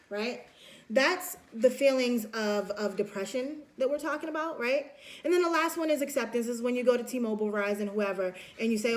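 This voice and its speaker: A woman's voice: on the high side, a little fast. A woman giving a casual recorded lecture, chatty, acting out everyday examples with lots of fillers and restarts.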